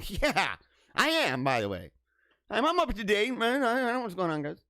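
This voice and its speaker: A young man hosting a livestream, reacting to news stories with animated, mock-outraged rants and bursts of laughter. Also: sits high, moderate pace, no room sound, clean studio sound. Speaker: livestream host. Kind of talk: casual livestream commentary.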